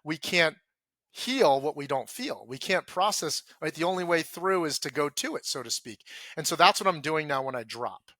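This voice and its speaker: A man talks earnestly as a podcast guest, his voice sitting a little high and sounding bright and forceful. He slips into his own inner self-talk, going softer and lower for the quoted feelings, and the sound is dry and close with no room around it. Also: expressive, normal speed, no room sound.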